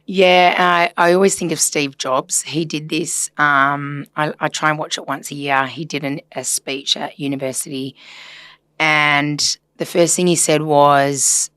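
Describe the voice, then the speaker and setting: A woman's voice: deep voice, steady tone, measured pace, a bit bright, clear, resonant tone, dry recording. A woman therapist talking earnestly and reflectively in a casual podcast conversation, chatty with filler words. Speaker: systemic therapist guest.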